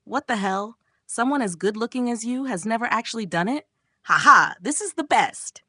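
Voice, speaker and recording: A woman's voice: on the high side, brisk, no room sound, natural voice. A woman voicing a cocky, teasing young man in a manga recap, with a smug manner.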